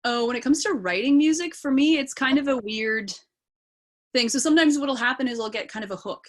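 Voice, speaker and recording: A woman's voice: high voice, a little fast. A young woman from British Columbia, an actor and singer, chatting casually as an interview guest over a video call and rambling with lots of ums and yeahs. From British Columbia, Canada.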